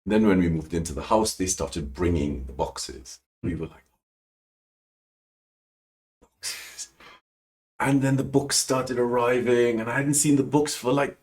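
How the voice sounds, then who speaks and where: A man telling an emotional personal story as a podcast guest, animated and rambling, with frequent restarts. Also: moderate pace, hardly any pauses. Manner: animated, acts out quoted lines with big pitch jumps. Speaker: guest calligrapher.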